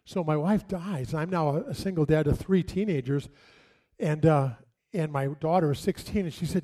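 This sermon comes from a middle-aged pastor whose voice is fairly high and warm. He shares stories conversationally and lets dramatic pauses hang.

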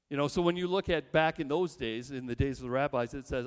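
A man's voice: mid-range voice, quick pace, hardly any pauses, clear, resonant tone. A male pastor preaching a sermon in a church, emphatic and building long lists, with rhetorical questions to the congregation. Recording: long reverb in a large hall.

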